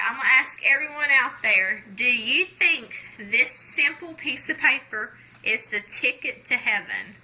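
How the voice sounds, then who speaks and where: A woman walks viewers through a paper-folding gospel trick while telling a story in a chatty, folksy way. Her voice is sharp and bright and slightly high, and faint noise sits under it. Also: poor audio. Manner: folksy, chatty, many "okay"s. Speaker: gospel magic presenter. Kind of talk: storytelling tutorial.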